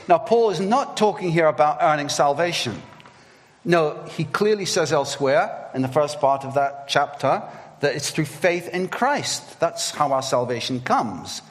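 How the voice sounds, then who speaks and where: A man preaching a sermon at church, reading scripture in a measured, earnest way. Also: a little high. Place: church hall. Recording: long reverb of a church hall.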